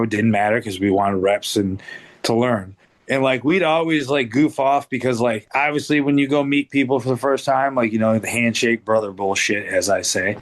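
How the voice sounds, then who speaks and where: A middle-aged man, a guest wrestler, telling stories in casual podcast chat, laid-back and profane, full of "like". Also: mid-range voice.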